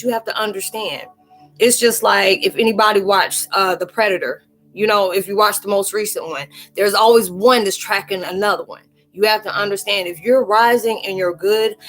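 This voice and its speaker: A woman gives a casual tarot reading on a livestream, talking in loose, rambling runs. She often slips into quoted voices as she talks, with her pitch sitting in a middle range. Soft music plays faintly beneath her. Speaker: spiritual tarot reader hosting a live chat.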